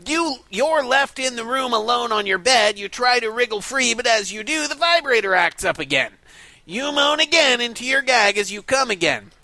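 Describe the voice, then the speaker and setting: Bright, creaky man reading aloud. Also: very high-pitched, lively intonation, normal speed, no echo. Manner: mock-serious reading, breaking into laughs. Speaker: podcast co-host reading aloud. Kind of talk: comedic reading of amateur fiction.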